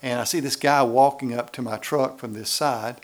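A man's voice: medium pitch, steady tone, normal speed. A man preaching a sermon in a church, acting out little voices to make his points. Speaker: pastor.

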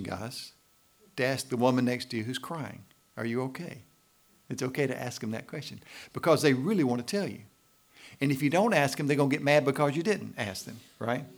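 A male pastor delivering a sermon in a church, his middle-pitched voice carrying a gravelly edge. He preaches with lively swings and loud emphasis, tossing "right?" to the congregation between points.

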